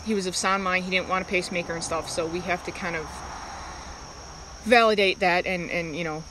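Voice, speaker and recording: A woman chatting casually on a live stream, talking in halting, rambling stretches and breaking off to greet viewers by name. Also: on the low side, fairly even intonation, background noise.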